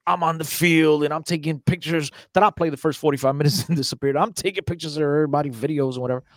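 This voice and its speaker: A man telling a story in casual chat, animated and laughing, acting out quotes from other people. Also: fairly high pitch, quick pace, no echo, studio quality. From New Jersey.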